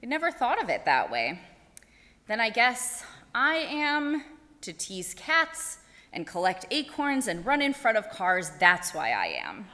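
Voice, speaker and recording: Woman voicing a proud squirrel boy, chirpy and cheeky, lively bouncing pitch, long hall echo. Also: a little slow, full character voice. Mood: pleased.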